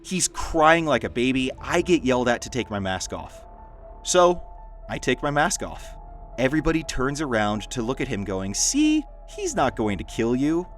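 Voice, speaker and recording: Lively male story narrator over faint music. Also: mid-range voice, normal speed. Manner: lively storytelling, dry asides. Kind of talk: reading stories aloud.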